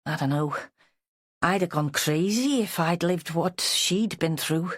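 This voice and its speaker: A woman's voice: lowish voice, unhurried, dry recording, clean studio sound. A woman reading an audiobook, voicing an anxious, devoted Liverpool husband with a weedy voice. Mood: worried.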